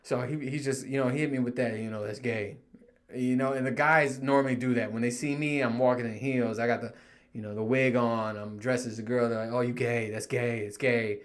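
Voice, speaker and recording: A young man with a steady, mid-range voice speaks fairly quickly while hosting his own casual solo podcast. Laid-back and profane, he laughs often and quotes coworkers in mock voices.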